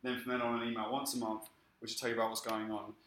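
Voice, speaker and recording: A man preaching a sermon and telling his own story in a lively way. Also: medium pitch, rapid-fire, roomy sound, slight background noise, poor audio. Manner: lively storytelling, acting out quoted speech. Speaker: pastor. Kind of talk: sermon with personal testimony.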